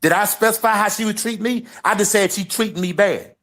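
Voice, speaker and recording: A man's voice: high voice, a little fast, fairly bright tone. A man co-hosting a stream, arguing his case and repeating questions over the other speaker in a casual debate. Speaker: co-host of a boxing talk stream. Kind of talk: heated debate, casual chat.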